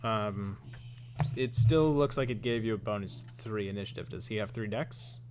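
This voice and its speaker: A man narrating as game master, relaxed and self-deprecating, with lots of ums. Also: fairly low pitch, moderate pace, noisy background.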